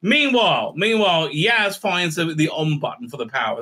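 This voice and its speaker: High-voiced guy ranting thru a recap, sarcastic, crude, lots of uhs. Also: sing-song, normal speed, bright, forceful tone, breathy edge. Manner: crude, sarcastic, many fillers. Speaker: show host, TV reviewer.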